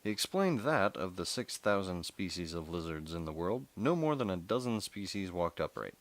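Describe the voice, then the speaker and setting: A man reading a novel aloud, steady but with occasional stumbles and self-corrections. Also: sits low, moderate pace.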